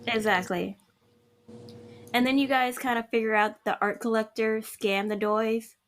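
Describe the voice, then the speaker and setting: A woman co-hosting a casual podcast chat, recapping a story game and acting out the characters in quick asides. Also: mid-range voice. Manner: animated, mimics characters in quick asides, laughs often.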